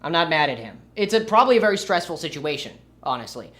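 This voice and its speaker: A man's voice: fairly high pitch, sing-song, quick pace, bright, forceful tone. A young man streaming and commenting casually, with a rambling, sarcastic manner. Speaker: livestreamer.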